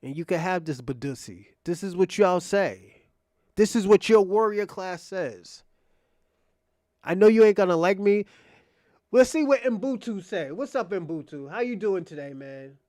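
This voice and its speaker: A man with a high, warm voice speaks a little slowly while hosting a livestream, recorded dry with clean studio sound. He rants at his chat in a mocking, provocative way, swearing, repeating himself and restarting phrases.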